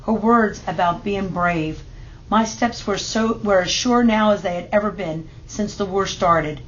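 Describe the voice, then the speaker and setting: A woman reads a children's picture book aloud in a steady, measured way. Her voice sits at a middling pitch. The recording is a little dull, with a faint hiss in the background. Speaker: storybook reader.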